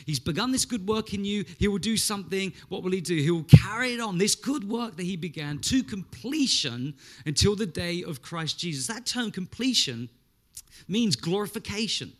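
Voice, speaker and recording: A preacher in his thirties with a slightly high voice delivers a sermon in an emphatic, conversational way. He repeats himself and restarts, then drives his key points home with louder stresses. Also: lively intonation, normal speed. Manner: emphatic, rising to loud stresses; frequent restarts and rhetorical asides. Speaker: pastor.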